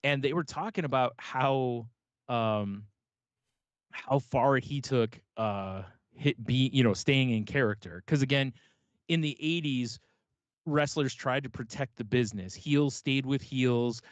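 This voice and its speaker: Male podcast co-host, mid-pitch, dry close mic, rambling anecdotal delivery with frequent laughs. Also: unhurried, dry recording. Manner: rambling storyteller, laughs often, acts out quotes. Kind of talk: casual chat.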